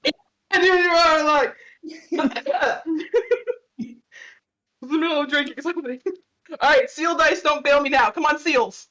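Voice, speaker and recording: A woman's voice: high-pitched, a little slow, long pauses, pushed and bright, dull audio. A woman playing in a tabletop game, chatty and reacting to her dice rolls. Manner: chatty, laughs at own rolls. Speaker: player. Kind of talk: casual game chat.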